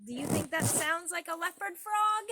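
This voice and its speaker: A woman's voice: very high-pitched, normal speed, heavy background noise. A woman leading a preschool storytime lesson outdoors by a garden pond, talking in a sing-song teacher voice to small children.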